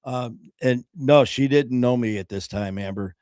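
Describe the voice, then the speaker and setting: An earnest man tells his own story in casual talk, pausing and restarting as he goes. His voice sits in a middle register and is recorded with a dry, close sound. He voices the people he quotes in his own voice. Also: mid-range voice, darkish tone, no room sound. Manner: earnest, halting, often pausing with "um".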